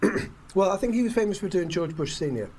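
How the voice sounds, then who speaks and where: A man's voice: sits high, lively intonation, fast talker, darkish tone, slight background noise. A man co-hosting a podcast in casual, jokey chat, laughing often. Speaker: podcast co-host.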